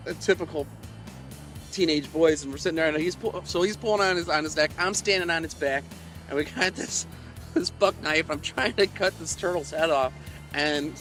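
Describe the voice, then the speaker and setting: A slightly high-voiced man telling long, meandering fishing stories, laughing at himself as he goes. He talks outdoors by the water on a live stream, with faint music somewhere behind him. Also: pushed and bright. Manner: chuckling, meandering, self-mocking. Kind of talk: rambling storytelling to a live chat.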